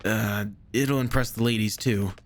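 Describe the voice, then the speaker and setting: A man's voice: fairly low pitch, steady tone, a little slow. A man voicing an easygoing young male crewman in a game, talking in a laid-back, slangy way. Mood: chatty.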